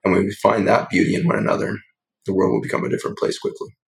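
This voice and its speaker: A man's voice: deep voice, expressive, fast, creaky, low-quality recording. A man, a doctor guest on a podcast, telling stories in an earnest, reflective, flowing way. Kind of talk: podcast interview storytelling.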